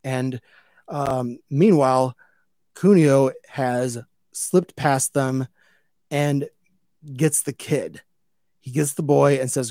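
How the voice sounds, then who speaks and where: A man casually recapping an anime episode as a podcast host, rambling with lots of fillers and restarts, growing louder and livelier when something amuses him. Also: medium pitch, slow, long pauses, no echo, clean studio sound. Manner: gets loud and animated when amused.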